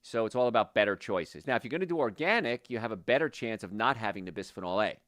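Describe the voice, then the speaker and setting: A middle-aged man hosting a casual health talk, folksy and rambling, going off on tangents and pitching his services. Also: expressive, fast talker, fairly bright tone, dry recording, studio quality. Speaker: health practitioner and show host.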